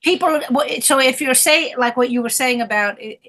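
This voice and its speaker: A woman's voice: high-pitched, normal speed, a bit bright. A woman comedian guest telling rambling stories in a blunt, profane way. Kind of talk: casual chat.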